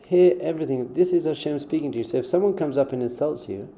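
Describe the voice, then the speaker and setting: A man's voice: fairly high pitch, quick pace, mellow, a little hiss or hum. A man who is a rabbi, giving a conversational spiritual talk in an informal way and acting out short quoted exchanges. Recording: dull, muffled sound.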